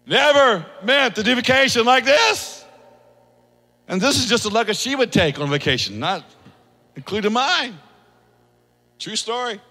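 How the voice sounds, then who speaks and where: A male pastor preaching a sermon to a congregation, lively, switching between quiet asides and acted-out quotes. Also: very high-pitched, a little slow, pauses often, in a large hall. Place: church hall.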